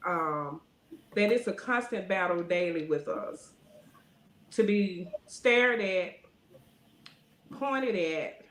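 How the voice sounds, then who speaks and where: A middle-aged woman, talking in a casual interview and filling her speech with "you know", getting lively when she tells stories. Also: fairly low pitch, takes it slowly, pauses often, roomy sound, slight background noise. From Alabama. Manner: rambling, frequent "you know" fillers; animated when telling stories. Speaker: guest.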